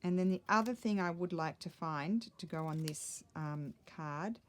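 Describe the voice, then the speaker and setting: A woman's voice: fairly low pitch, moderate pace, slight background noise. A middle-aged woman chatting casually while she crafts, thinking aloud and muttering little asides to herself. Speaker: craft vlogger.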